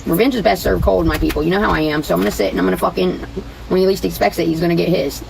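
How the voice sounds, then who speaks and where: A woman's voice: fairly low pitch, steady tone, very fast, vocal fry, darkish tone, a little hiss or hum, low-quality recording. A woman rambling and venting to her livestream chat in a casual, profane way.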